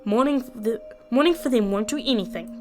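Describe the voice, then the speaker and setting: A woman's voice: fairly high pitch, fairly quick, dark tone, soft background music, natural voice. A woman voicing a blunt, over-dramatic teenage schoolboy in a story game. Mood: stern.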